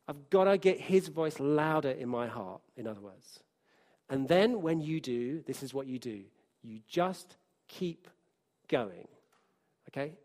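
Male preacher, high voice, dynamic sermon delivery, hushed one moment and emphatic the next.

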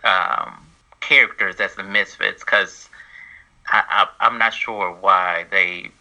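Bright, low-voiced fan interviewer. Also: male voice, fairly even intonation, slow, rough recording. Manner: eager fan asking questions. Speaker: interviewer, podcast host. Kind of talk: casual interview.

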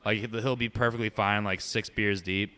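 Profane young man ranting, smooth voice. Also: on the low side, steady tone, moderate pace, sharp tone. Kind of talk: casual chat.

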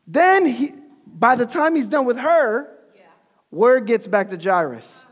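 A man preaches in a loose, slangy, animated storytelling way. His voice sits very high for a man. A long reverb trails his words through the hall. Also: slow. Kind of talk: casual sermon storytelling.

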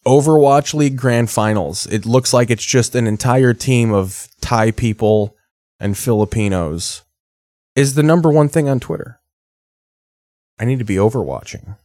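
A man's voice: lowish voice, a little mellow, no echo, clean studio sound. A man in his thirties doing casual, profane, rambling commentary while reacting to TV. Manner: rambling, sardonic storytelling. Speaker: streamer reacting to TV.

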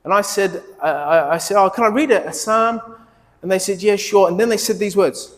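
A middle-aged male pastor preaching, telling personal stories in a conversational, animated way with quoted dialogue. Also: high-pitched, brisk, long reverb tail.

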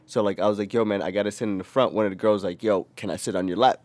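Animated young man telling a story. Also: fairly low pitch, very fast, dry recording. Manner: animated, profane, acts out quotes in a raised voice. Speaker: podcast co-host. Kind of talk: casual storytelling chat.

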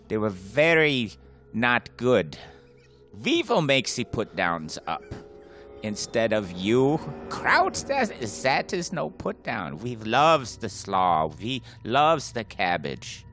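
A man voicing a deadpan middle-aged German scientist who talks slowly and precisely. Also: medium pitch.

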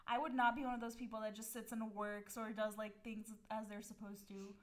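A woman's voice: medium pitch, level tone, a little fast. A young woman in casual chat with a friend, chatty, laughing often and using lots of fillers.

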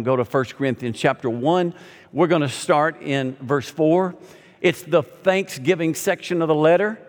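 A middle-aged man preaching a sermon, telling a humorous story in a lively, conversational way. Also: a little high. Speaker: pastor. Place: large hall or sanctuary. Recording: long hall reverb.

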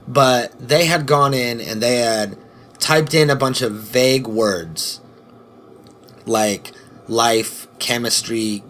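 A man's voice: mid-range voice, fairly bright tone, a little hiss or hum. A man hosting a podcast, talking loosely with swearing and self-mocking asides into a podcast microphone. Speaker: podcast host. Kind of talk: casual solo podcast intro. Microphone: studio podcast microphone.

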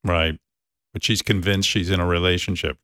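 Man, radio host, low voice, wry teasing delivery, dry studio. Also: steady tone, moderate pace, fairly bright tone, no room sound. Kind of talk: talk radio hosting.

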